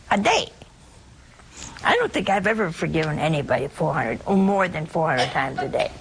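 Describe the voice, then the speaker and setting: A woman's voice: mid-range voice, gravelly, a little hiss or hum. A woman preaching a sermon in a folksy, humorous way, speaking directly to her listeners. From Italian family background.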